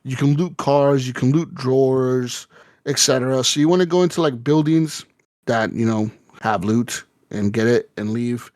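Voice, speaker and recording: A man co-hosting a gaming podcast, telling a rambling, profane story in casual chat and acting out quotes with sudden jumps in pitch. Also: moderate pace, a little mellow, no echo, clean studio sound. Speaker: podcast co-host.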